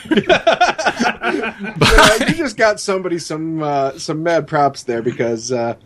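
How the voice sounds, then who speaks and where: A man's voice: fairly high pitch, lively intonation, slow pace, background noise. A man co-hosting a podcast, making joking, playful asides. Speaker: podcast co-host. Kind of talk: casual podcast chat.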